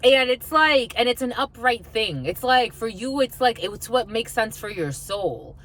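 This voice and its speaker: A woman's voice: fairly high pitch, lively intonation, moderate pace, slight background noise. Blunt, chatty woman reading tarot. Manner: chatty, blunt, swears freely, laughs often. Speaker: tarot reader. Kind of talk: casual spiritual reading.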